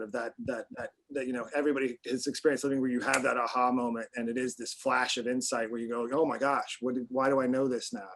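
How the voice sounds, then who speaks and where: A man's voice: mid-range voice, fairly bright tone, poor audio. Adult man, casual panel talk, rambling delivery with frequent fillers. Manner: rambling, many restarts and fillers. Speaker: panel guest.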